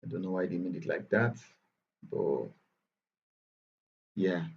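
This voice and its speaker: A chatty Nigerian bootcamp instructor teaches a live online software tutorial in Nigerian English. His voice is low and fast, with the highs cut off. He tends to repeat himself and correct himself.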